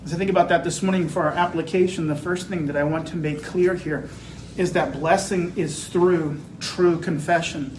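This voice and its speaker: A man preaching a sermon as pastor, slow and building to emphatic declarations. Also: on the high side, steady tone, darkish tone, roomy sound, slight background noise, low-quality recording.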